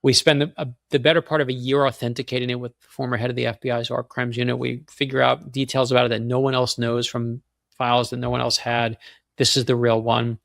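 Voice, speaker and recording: Gravelly, excitable male storyteller. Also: medium pitch, no room sound, studio quality. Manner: excited, fast anecdote with quoted voices. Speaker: guest author. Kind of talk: animated storytelling.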